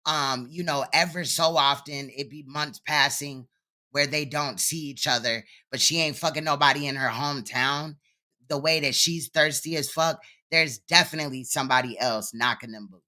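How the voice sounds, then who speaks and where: Guy w a real bright slightly high voice doing reaction commentary, keeps asking why. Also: normal speed. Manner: incredulous, rhetorical questions. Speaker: commentary host.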